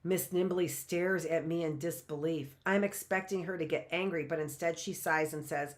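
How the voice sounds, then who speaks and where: A woman hosting a live reading, narrating a novel in an expressive, lively way. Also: low voice, moderate pace, hardly any pauses. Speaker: host reading a book aloud.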